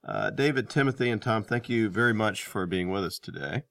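Low-voiced male interviewer, halting. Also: sing-song, creaky, a bit bright, no room sound. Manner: friendly, halting, many fillers.

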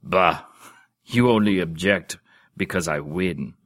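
A man's voice: low voice, a little slow, fairly bright tone. A man doing a roaring old warrior duke. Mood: scornful. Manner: roaring, blunt. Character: gruff old burly duke, blustering warrior.

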